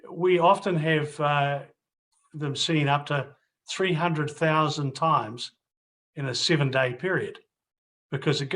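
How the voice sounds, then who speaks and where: A middle-aged man hosts a casual video interview and wraps up for viewers, rambling, restarting, and repeating phrases. His voice is a little high with a fairly bright tone.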